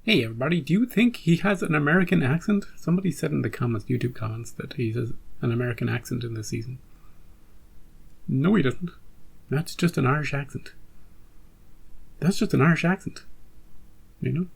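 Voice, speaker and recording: A man's voice: medium pitch, a little fast, gravelly, pauses often, slightly rough. A man hosting a reaction channel, chatting casually with rambling asides and joking restarts.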